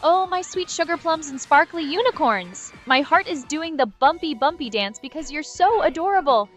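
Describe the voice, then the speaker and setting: A giddy, over-the-top anime fangirl squealing and gushing, as a synthetic woman's voice puts her on. Her voice is high and bouncy, and everything is exaggerated and cutesy. Faint music plays behind her. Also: animated, moderate pace, a bit bright.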